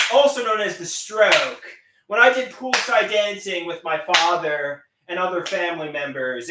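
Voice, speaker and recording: A man's voice: on the high side, recorded from a distance, heavy background noise. Goofy man rambling in an echoey room. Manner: goofy, self-mocking, bursts into shouted singing. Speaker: livestreamer. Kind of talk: rambling live stream chat with silly singing. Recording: echoey room, voice set back from the mic.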